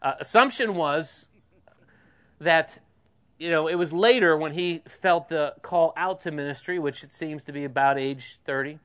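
Man preaching with a slightly high voice. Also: unhurried, a bit bright, clear, resonant tone. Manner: conversational, asks the congregation questions. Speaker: pastor. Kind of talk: sermon.

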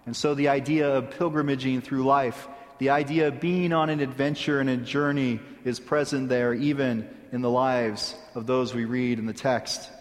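A man's voice: mid-range voice, steady tone. Man preaching in a reverberant church. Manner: measured preaching with deliberate pauses. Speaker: pastor. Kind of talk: sermon. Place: church sanctuary.

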